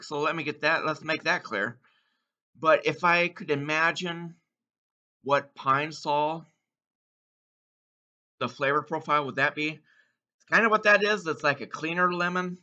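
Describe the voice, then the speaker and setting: A man taste-testing candy in a casual vlog, exuberant, letting out whoops between slow, savoring remarks. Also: on the high side, bright, forceful tone, dull audio. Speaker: candy taste-test vlogger. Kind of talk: casual taste-test commentary.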